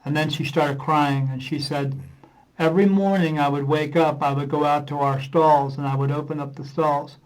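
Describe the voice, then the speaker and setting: A man with a fairly high voice chats as a podcast guest, spinning loose, rambling anecdotes. He slips into the voices of the people in his stories and fills his pauses with uh. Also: fairly even intonation, low-quality recording. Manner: rambling anecdotes, acting out dialogue with many uh fillers. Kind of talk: casual storytelling in a podcast interview.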